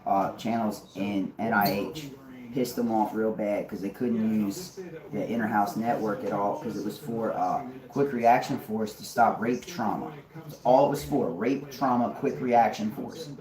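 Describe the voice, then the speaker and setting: A man's voice: on the low side, fairly even intonation, a little slow. A man rambling on a live stream, swearing and laughing to himself, heard from far off in an echoey room. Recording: echoey room, mic far off, crowd noise.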